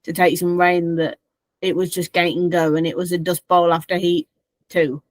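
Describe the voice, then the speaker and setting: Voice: mid-range voice, level tone, moderate pace, no echo. A podcast co-host in casual chat, mostly brief replies with playful teasing. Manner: teasing, short interjections, laughs easily.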